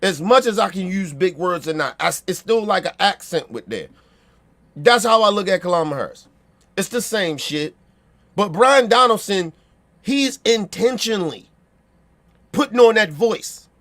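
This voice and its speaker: A man's voice: high voice, expressive, moderate pace, a bit bright. A man with a Baltimore accent giving a blunt, profane opinion rant, repeating himself and checking that listeners agree.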